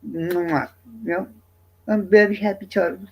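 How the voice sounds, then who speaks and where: A man livestreaming, talking to his chat in a casual, profane, defensive rant that swings between loud and quiet. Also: sits high, steady tone, a little slow, vocal fry, husky, muffled recording.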